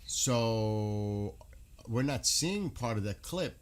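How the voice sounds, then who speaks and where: A man's voice: lowish voice, expressive, drawn-out words. A man giving casual live commentary on news, indignant and firing off rhetorical questions.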